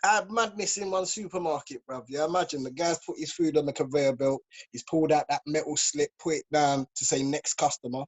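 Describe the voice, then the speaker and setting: Husky man telling a story. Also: on the high side, low-quality recording. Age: 30s. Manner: animated storytelling, heavy slang. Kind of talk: casual chat.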